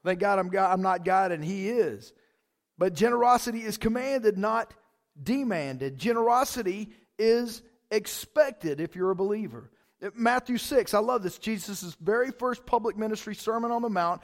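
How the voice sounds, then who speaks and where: A man's voice: high-pitched, moderate pace. A man preaching a sermon as pastor, in a casual, conversational way, often saying "man" and "like".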